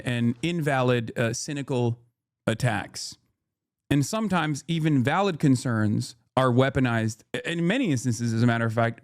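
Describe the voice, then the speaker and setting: A man's voice: mid-range voice, no room sound, studio quality. A man hosting a livestream in casual commentary, talking bluntly with plenty of swearing, thinking aloud and arguing back at his chat. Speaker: livestream host.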